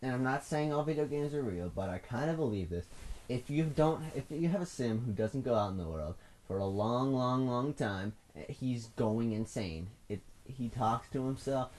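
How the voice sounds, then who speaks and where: A teenage man hosting a solo podcast from home, rambling and self-mocking, his voice swinging between loud bursts and mumbles. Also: mid-range voice, lively intonation, moderate pace. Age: teens. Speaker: podcast host. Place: at home indoors.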